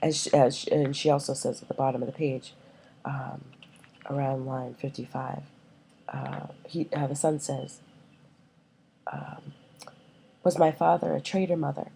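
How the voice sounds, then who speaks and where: A woman's voice: extremely low pitch, flat delivery, measured pace, vocal fry, pauses often, dark tone, a little hiss or hum, low-quality recording. A woman teacher giving a recorded class lecture, explaining with many fillers and checking that her listeners follow.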